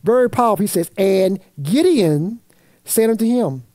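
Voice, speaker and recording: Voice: medium pitch, lively intonation, normal speed, dark tone, dry recording. A Sunday school teacher, reading scripture aloud and quizzing the class with fill-in questions in a church classroom. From Virginia. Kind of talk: Bible study teaching.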